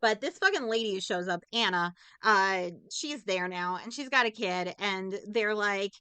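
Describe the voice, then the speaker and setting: A woman's voice: medium pitch, a little slow, sharp tone, clear, resonant tone, dry recording. A woman co-hosting a casual movie review podcast, giving an emotional, rambling recap of a film and swearing often. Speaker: podcast co-host.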